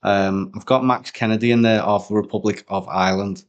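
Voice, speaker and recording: Low-voiced Liverpudlian man, chatty. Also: fairly even intonation, brisk, highs cut off. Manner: chatty, rambling, slangy banter. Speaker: podcast co-host. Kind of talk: casual chat.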